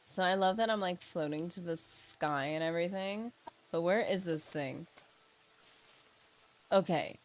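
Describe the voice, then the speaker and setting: A woman's voice: fairly low pitch, measured pace, long pauses. Chatty woman streaming a game. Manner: chatty, joking asides, playful mock-grandeur. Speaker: streamer playing a role-playing game. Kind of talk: casual gameplay livestream chat, reading in-game text aloud. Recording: faint game music behind.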